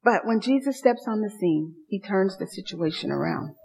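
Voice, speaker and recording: A woman's voice: mid-range voice, expressive, moderate pace, creaky, a little mellow, breathy edge. A woman preacher giving an emphatic, repetitive sermon and calling out to her congregation in a church. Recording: long hall reverb, dull lo-fi sound.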